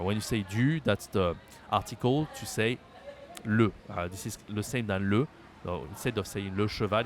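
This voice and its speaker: Patient man. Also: lowish voice. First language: French. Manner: patient, repeats words slowly for learners. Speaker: French teacher. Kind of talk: language lesson.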